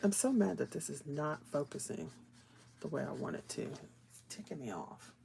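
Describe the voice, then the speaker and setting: A woman's voice: deep voice, animated, normal speed, creaky, dark tone, slight background noise. A woman hosting a live stream, chatting casually with viewers as she colors, laughing often and slipping into whispers while she works. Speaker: livestream host.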